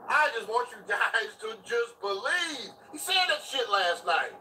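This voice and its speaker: A man ranting loudly and profanely on a live stream while driving, with sudden yelling bursts. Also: sits high, big pitch swings, measured pace, far from the mic, slight background noise, poor audio. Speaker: commentary streamer. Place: driving in a vehicle. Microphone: phone in hand.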